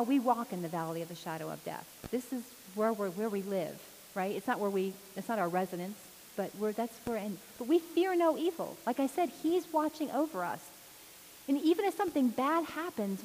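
Woman preacher, high voice, chatty informal sermon, frequent laughter, long reverb, faint hiss. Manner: laughs often, lively and chatty.

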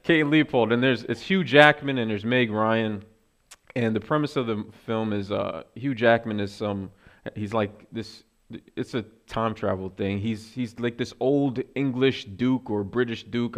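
Man preaching, low gravelly voice, casual, self-deprecating, lots of ums. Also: a little slow. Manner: casual, self-deprecating, many fillers and asides. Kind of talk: conversational sermon.

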